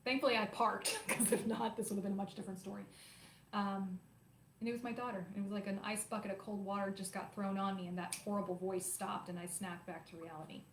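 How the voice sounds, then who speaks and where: A woman in her forties, hosting her own show, telling a personal story to viewers in an animated, emotional, confiding way. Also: mid-range voice, fast, slight background noise. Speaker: host. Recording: roomy echo, faint ambience.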